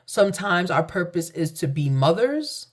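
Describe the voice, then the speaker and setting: A woman, a spiritual reader, telling her own story to viewers in an earnest, emphatic way, repeating phrases and jumping high when she quotes others. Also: very animated, moderate pace, slightly rough. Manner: acts out quoted voices in sudden high pitch.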